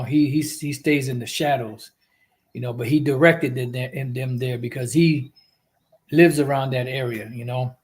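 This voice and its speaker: A man with a mid-range, slightly mellow voice teaches scripture on a religious livestream. His preaching rambles and repeats itself, with profane asides and many "you know" fillers.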